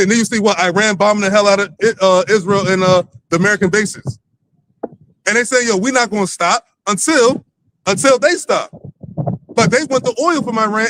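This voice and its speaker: High-voiced man teaching scripture loosely. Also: a bit bright, slight background noise, rough recording. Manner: loose and profane, lots of fillers and restarts. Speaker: lead teacher of a religious camp. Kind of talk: livestreamed street-style Bible teaching.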